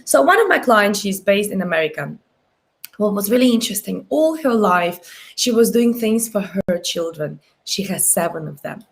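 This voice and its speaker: A woman life coach speaks on a live stream, moving through client stories in a lively, persuasive way. Her pitch leaps up and drops low as she makes her points. She checks in with listeners again and again through short tag questions. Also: normal speed, creaky. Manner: animated storytelling, big pitch swings, frequent tag questions. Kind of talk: live-streamed motivational talk.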